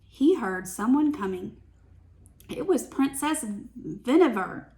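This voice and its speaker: A woman reading a picture book aloud as a teacher, with slow, expressive storytelling. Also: fairly high pitch.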